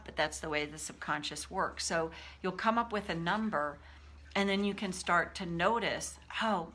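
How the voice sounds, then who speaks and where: A woman talking casually to her viewers as a coach, animated, acting out inner voices as she explains. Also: fairly low pitch. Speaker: life coach. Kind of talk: casual teaching talk to viewers.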